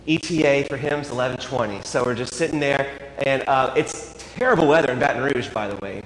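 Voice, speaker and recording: Wry priest telling a story in echoey church. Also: male voice, mid-range voice, a little fast, slight background noise. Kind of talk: sermon story. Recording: echoey church with long reverb.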